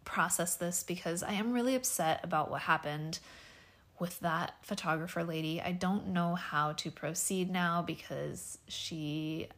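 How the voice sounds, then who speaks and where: Woman, 30s, solo podcast host; slightly low pitch, hesitant, soft-spoken delivery full of fillers. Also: unhurried. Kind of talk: casual personal podcast monologue. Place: home bedroom.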